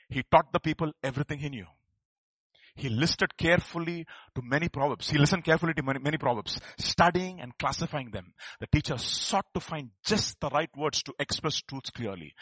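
A man preaching, his voice bright and forceful and a little high for a man. He swings from loud, emphatic calls to hushed asides and keeps urging the congregation to answer back. The sound is dry and close, with little room echo. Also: slightly rough. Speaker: pastor. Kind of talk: sermon. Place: church service.

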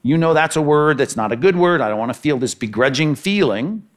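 A man preaching a sermon, reading scripture and acting out the characters' voices with lively energy. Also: on the high side, a little fast. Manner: animated, acts out the characters' lines in the parable. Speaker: pastor.

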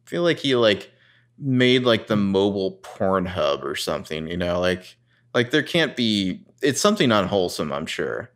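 A man's voice: low-pitched, big pitch swings, moderate pace. A man co-hosting a casual podcast, recapping a TV episode and swearing freely. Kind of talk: casual chat.

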